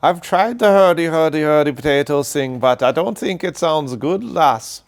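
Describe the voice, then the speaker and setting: A man's voice: fairly high pitch, expressive. A man putting on a bad mock Scottish accent. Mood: joking. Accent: put-on Scottish. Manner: playful, deliberately bad accent. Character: jokey mock Scotsman, broad and cheerful.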